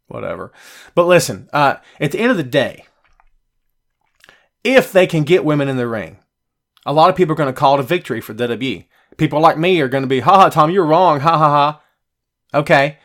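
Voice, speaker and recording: A man's voice: mid-range voice, lively intonation, brisk, fairly bright tone. A man hosting a casual podcast livestream, ranting bluntly and passionately while answering viewer comments. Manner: casual slangy talk with many repeats. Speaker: wrestling podcast host.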